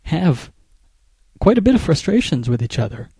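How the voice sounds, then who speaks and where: Mellow-voiced man explaining relationship advice. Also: fairly high pitch, very animated, breathy edge, dry recording. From United States. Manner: measured, explanatory, with frequent small restarts. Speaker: marriage therapist. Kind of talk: instructional talk to camera.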